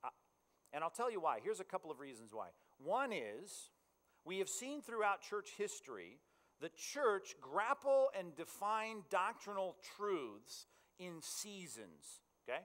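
A man's voice: high-pitched, sing-song, unhurried, a bit bright. A man preaching a sermon as pastor, in a conversational way that keeps checking in with his listeners. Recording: long reverb in a large hall.

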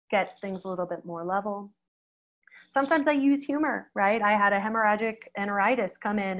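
A middle-aged woman, a veterinarian, giving a conversational webinar talk, lively and speaking straight to her audience. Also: medium pitch, phone-quality sound. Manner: lively, acts out quoted reactions, addresses audience directly.

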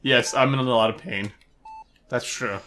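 A man's voice: mid-range voice, fairly even intonation, a little slow, bright, forceful tone. A young man commentating a video game playthrough in a goofy, jokey way, swearing and laughing. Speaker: gaming video host. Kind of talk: let's play commentary.

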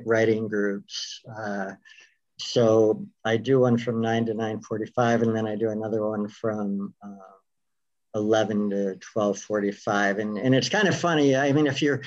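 A man's voice: lowish voice, moderate pace, dull audio. A man talking as a guest on a video call interview, rambling with many fillers and restarts.

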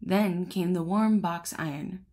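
A woman's voice: lowish voice, slow, warm tone. A woman host narrating a classic fairy tale as an audiobook, greeting listeners in a friendly, chatty way before reading steadily. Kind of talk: storybook narration.

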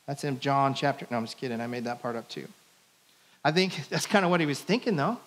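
A man's voice: mid-range voice, quick pace. A man preaching a sermon in a church, in a conversational, playful style that acts out the quotes. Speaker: pastor. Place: church sanctuary.

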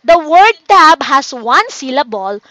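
High-voiced slow Filipino woman teacher. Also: very animated, a bit bright, no echo. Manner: slow, coaxing teacher talk, reading out learners' names. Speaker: online tutor. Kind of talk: livestreamed children's phonics lesson.

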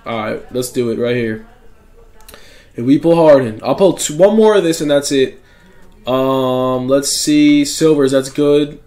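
A young man giving casual commentary while opening game packs, excitable, swinging from gloomy muttering to shouted joy. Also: medium pitch, measured pace. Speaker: gaming YouTuber.

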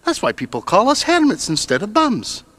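A man's voice: high voice, huge pitch swings, moderate pace, a bit bright, full character voice. An actor playing a kindly old male hermit who trains racers, speaking in a put-on Scottish accent with a folksy, chiding manner.

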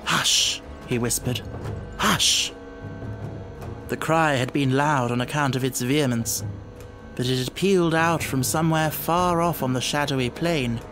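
A man narrating an audiobook in a steady, dramatic storytelling manner. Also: on the high side, normal speed, music in the background.

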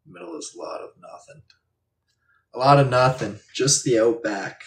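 A man's voice: mid-range voice, expressive, moderate pace. A man streaming live, rambling in a laid-back, jokey way while chatting and reading viewer comments. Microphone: distant from the mic. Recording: echoey room, distant mic.

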